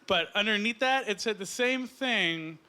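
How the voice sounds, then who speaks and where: A Canadian man doing a stand-up set on a club stage, talking in a deadpan, rambling way with lots of uhs, recorded live with the audience. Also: measured pace. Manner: deadpan, rambling with many uhs and lively jumps in pitch. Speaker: stand-up comedian. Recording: live club recording with loud audience laughter and ambient noise. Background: audience laughing and applauding.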